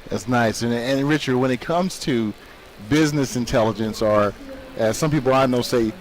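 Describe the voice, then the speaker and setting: A man's voice: medium pitch, moderate pace, low-quality recording. A man hosting a tech show, asking long, rambling questions in an on-site interview.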